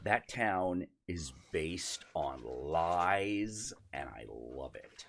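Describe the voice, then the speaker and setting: A man's voice: sits low, animated, extremely slow, creaky, slight background noise. A man hosting a stream, chatting casually and rambling, swearing constantly. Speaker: streamer host. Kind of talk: casual profane chat.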